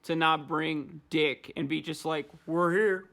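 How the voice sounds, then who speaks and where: Bright-voiced, profane ranting man. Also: fairly high pitch, little pitch movement, unhurried, vocal fry. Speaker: podcast host. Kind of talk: casual chat.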